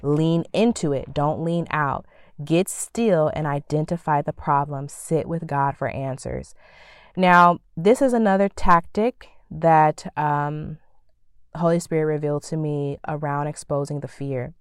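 A woman hosting a podcast, delivering a faith-based motivational talk in an animated, preacherly way with bursts of sassy acted-out thoughts. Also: low voice, unhurried, clear, resonant tone, no room sound, studio quality. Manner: animated, preacherly, acts out quoted thoughts with playful sass. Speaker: podcast host.

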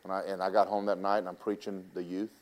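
A man's voice: low-pitched, little pitch movement, quick pace. Folksy preacher man. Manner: folksy, teasing, talks straight to the congregation. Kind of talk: sermon with personal stories.

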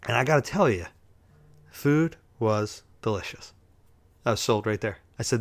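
A man's voice: mid-range voice, expressive, moderate pace, fairly bright tone. A man hosting a show, telling rambling, self-amused stories in a casual way, chuckling as he goes. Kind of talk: casual storytelling.

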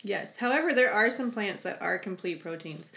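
A woman's voice: mid-range voice, animated, normal speed, gravelly, sharp tone. A woman co-hosting a casual fitness chat, bubbly and enthusiastic with frequent giggles. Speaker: podcast co-host.

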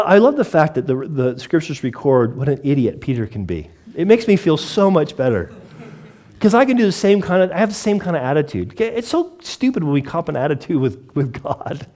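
A male pastor delivering a sermon to his congregation, lively and joking, often asking rhetorical questions. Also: a little high, moderate pace. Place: church before a congregation.

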